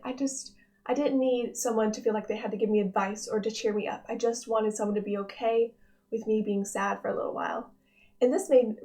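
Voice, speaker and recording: A young woman with a fairly high voice talks through a personal devotional. She is earnest and gentle, pausing to reflect and often restarting her sentences as she thinks aloud. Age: young adult. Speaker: devotional vlog host, nursing student.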